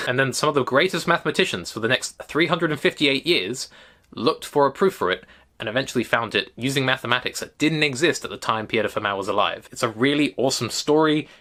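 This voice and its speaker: Young male content creator, West London accent, brisk and bright, chatty and keen. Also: mid-range voice. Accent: West London English. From England. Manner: quick, chatty, enthusiastic explaining. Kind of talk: casual talk to camera.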